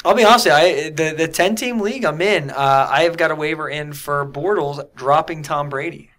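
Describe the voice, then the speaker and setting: A man co-hosting a sports podcast who talks fast, in a voice a little higher than most. He trips over his own sentences, restarting and correcting himself mid-thought. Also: fairly bright tone. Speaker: podcast co-host. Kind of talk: casual sports podcast chat.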